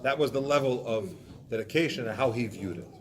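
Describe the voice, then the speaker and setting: A man teaching a Torah class, explaining points with animated examples and acted-out excuses. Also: mid-range voice, fairly quick. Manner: animated, acts out excuses in voices.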